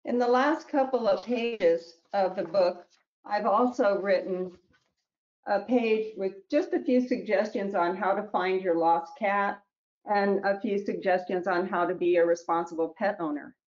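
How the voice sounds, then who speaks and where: A woman who wrote a children's book reads it aloud with gentle storybook narration and small slips, then talks about it. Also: mid-range voice, a little slow, highs cut off. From New Mexico, US. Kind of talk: reading her picture book aloud.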